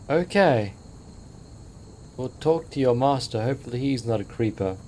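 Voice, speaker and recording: A man hosting a let's play, commentating with excitable, wide-eyed awe and the odd swear. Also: mid-range voice, normal speed, slight background noise.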